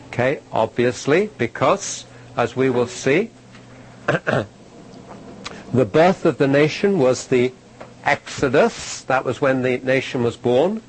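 A man's voice: medium pitch, slight background noise, low-quality recording. A man giving a sermon-style Bible teaching to a live audience. He talks conversationally, asks his listeners questions, ends points with "okay?" and repeats key phrases for emphasis.

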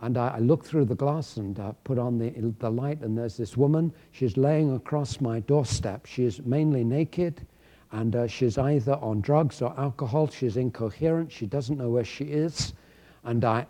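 A male pastor from England preaching a sermon, swinging between loud emphatic declarations and quiet storytelling. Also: mid-range voice.

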